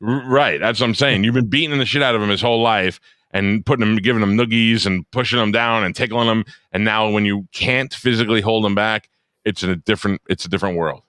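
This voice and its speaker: Deep-voiced podcast guy, talks fast, blunt and sweary. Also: a bit bright, no echo, studio quality. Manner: blunt, profane banter. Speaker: podcast co-host. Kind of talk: casual chat.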